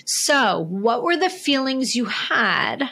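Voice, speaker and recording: A woman's voice: on the high side, very animated, slow, sharp tone, slightly rough. A woman hosting a podcast interview, earnest and explanatory, steering the talk with questions. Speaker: podcast host.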